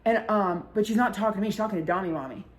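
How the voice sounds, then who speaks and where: A woman's voice: mid-range voice, racing. A young woman spins a night-out story for her podcast. She is loose and chatty, swears freely and scatters "like" through every sentence. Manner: chatty and profane, many filler likes. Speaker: podcast host. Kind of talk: casual storytelling chat.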